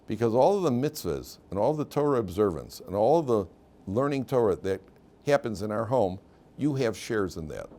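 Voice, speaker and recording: A man's voice: on the low side, big pitch swings, normal speed, mellow. A man voicing a young bride who earnestly recounts and thanks someone, in his own slightly raised voice.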